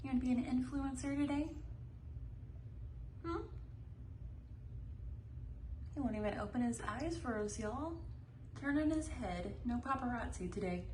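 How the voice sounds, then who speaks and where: High soft woman cooing at her cat. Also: expressive, normal speed, long pauses, slight background noise, rough recording. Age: 40s. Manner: soft baby talk to a pet, quiet. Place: home with a cat.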